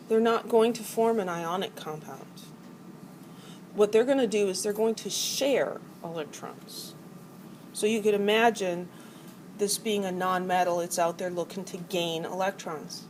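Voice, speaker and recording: A middle-aged woman lectures a college chemistry class in a mid-pitched voice. She is playful and acts out the atoms as quarrelling characters. The classroom has a faint hum of noise behind her. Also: poor audio. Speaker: chemistry teacher.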